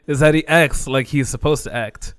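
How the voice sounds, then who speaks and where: A man in casual chat with friends, agreeable and quick to laugh. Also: on the high side, crowd noise. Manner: agreeable, laughs often, echoes others. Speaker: podcast co-host.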